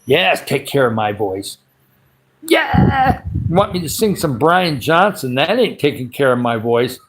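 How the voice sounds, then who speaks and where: A man hosting a casual livestream, his throat dry and raspy, rambling along and greeting viewers by name as he reads their comments. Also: a little high, big pitch swings, unhurried. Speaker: livestream host.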